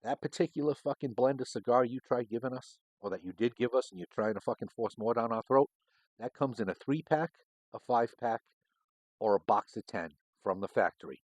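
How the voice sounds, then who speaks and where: A man's voice: mid-range voice, brisk, a little mellow, dry recording, low-quality recording. A middle-aged man, a former homicide detective hosting a cigar show, telling a story in a casual, rambling and profane way.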